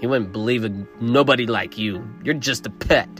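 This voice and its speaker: A man's voice: mid-range voice, moderate pace, a bit bright, faint music behind, close to an everyday voice. A man voicing a coarse, menacing sheriff who mocks and growls. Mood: mocking menacing. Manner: mocking, growling, crude.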